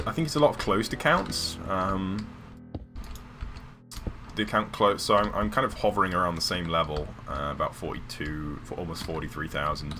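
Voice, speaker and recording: A man with a deep voice talks casually over a live game stream. He meanders and hesitates, circling back with ums and restarts. Clear music plays underneath. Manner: rambling, hesitant, many fillers and restarts. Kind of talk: casual live-stream chat while gaming. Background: background music.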